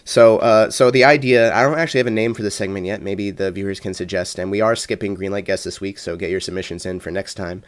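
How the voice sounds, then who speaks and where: A man's voice: low voice, steady tone, quick pace, hardly any pauses, clear, resonant tone, no room sound, studio quality. A man co-hosting a casual gaming podcast, stuffy and congested, easygoing. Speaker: podcast co-host.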